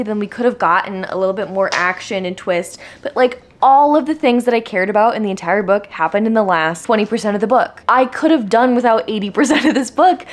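A young woman vlogging about her reading, ranting in an exasperated, emphatic way. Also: mid-range voice. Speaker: book vlogger. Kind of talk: casual vlog rant.

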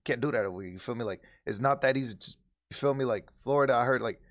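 A man's voice: medium pitch, fast. Laid-back man chatting with his viewers. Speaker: streamer reacting to a clip. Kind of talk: casual reaction commentary.

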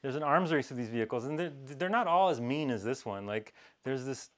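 A man's voice: medium pitch, animated, fairly quick, fairly bright tone. A man giving a presentation talk with slides to an audience, with wry, dry humor and frequent fillers and restarts. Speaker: conference speaker.

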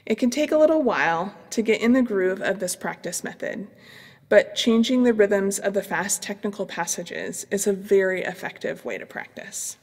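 A middle-aged woman, a clarinet professor, calmly explaining practice strategies in an instructional demonstration. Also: mid-range voice, normal speed, long reverb tail. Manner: calm, explanatory, with fillers.

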